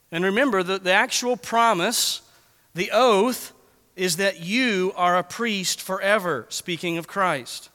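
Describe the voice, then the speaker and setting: A man preaching an expository sermon as pastor, earnest, slowing down to read scripture deliberately. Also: high-pitched, bright, forceful tone. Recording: long reverb of a large hall.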